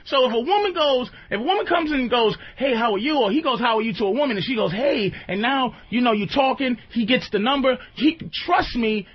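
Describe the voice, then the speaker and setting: A man's voice: very high-pitched, breathy edge. A man hosting a radio show, talking loosely and at length about dating with frequent asides. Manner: loose, rambling, conversational. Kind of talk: comedic relationship talk on radio. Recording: dull lo-fi radio broadcast.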